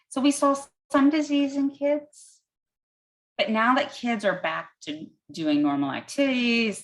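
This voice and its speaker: A woman physician answers audience questions, explaining things step by step in plain words and everyday comparisons, with an occasional "um" as she thinks aloud. Her mid-range voice is a bit bright, and the recording is rough.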